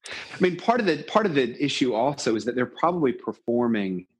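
A man's voice: mid-range voice, big pitch swings, a little fast, husky. A man in casual discussion, talking with animation and acting out lines with emphasis.

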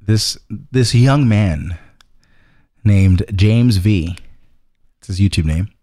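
A man's voice: on the low side, takes it slowly, dark tone. A young man co-hosting a casual chat, telling stories and laughing often. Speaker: podcast co-host.

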